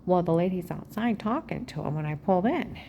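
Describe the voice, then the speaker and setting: A woman talking straight at the camera in a rambling personal monologue, agitated and aggrieved, jumping from claim to claim and often dropping to a hushed, half-whispered voice. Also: on the low side, animated, a little fast, vocal fry, a little hiss or hum. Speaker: vlogger.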